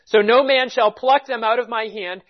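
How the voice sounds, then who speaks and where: A preacher working through a scripture passage, stressing each point and circling back to repeat it. The voice sits at a middling pitch. It comes through a dull, lo-fi recording with muffled highs. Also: moderate pace. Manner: emphatic, repeats key points and reads scripture aloud. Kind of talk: expository Bible sermon.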